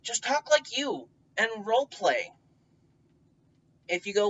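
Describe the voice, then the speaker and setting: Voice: mid-range voice, sing-song, takes it slowly, pauses often, a bit bright, slightly rough. A tabletop game player casually giving advice in a rambling way, full of fillers, restarts and the odd swear word. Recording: dull distant recording.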